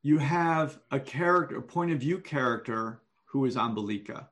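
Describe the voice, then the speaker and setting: A man giving one-on-one manuscript feedback over an online call, explaining deliberately and thinking aloud. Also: mid-range voice, lively intonation, fairly bright tone. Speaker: writing coach.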